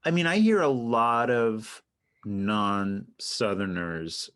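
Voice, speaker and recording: A man's voice: on the low side, slow pace, a bit bright, clean tone. A man co-hosting a casual comedic podcast chat, playful and mock-earnest, asking about slang. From not from New York. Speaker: podcast co-host.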